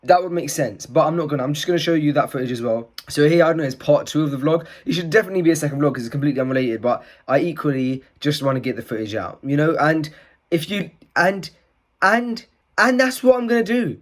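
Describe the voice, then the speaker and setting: A young man, talking to camera in a rambling, excitable vlog style, full of fillers and restarts. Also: on the high side, fast talker. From Pakistani heritage. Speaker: vlogger and podcast host.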